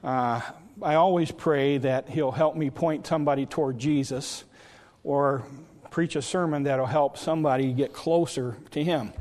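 A man's voice: on the high side, measured pace, darkish tone. A man preaching a sermon as pastor, in a folksy, conversational way with frequent hesitations. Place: church sanctuary. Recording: long hall reverb.

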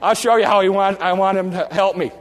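A man preaching a sermon from the pulpit in a folksy, animated way, often restarting phrases and slowing down for drama. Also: high voice, slight background noise. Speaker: pastor. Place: church sanctuary. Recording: long reverb of a large hall.

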